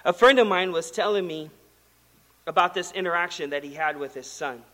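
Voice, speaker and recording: Bright-voiced man preaching in a hall. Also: high-pitched, brisk. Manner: conversational, animated storytelling with acted quotes. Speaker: pastor. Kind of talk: sermon.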